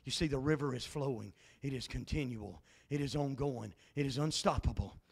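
A man's voice: mid-range voice, normal speed, creaky, slightly rough. A male pastor, preaching a fervent, folksy Pentecostal sermon full of repetition. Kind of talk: Pentecostal sermon at a Bible study.

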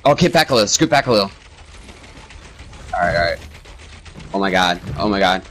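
A man's voice: low-pitched, expressive, brisk, fairly bright tone, a little hiss or hum. A young man streaming a shooter match, nervous and rambling, swearing about how scared he is, with game gunfire behind him. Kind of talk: casual gaming chat.

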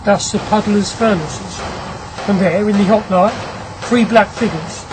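A narrator voicing a brisk, commanding ironworks owner. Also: medium pitch, background noise, lightly acted. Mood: eager. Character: ironworks owner, a grim restless man. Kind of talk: audiobook character reading.

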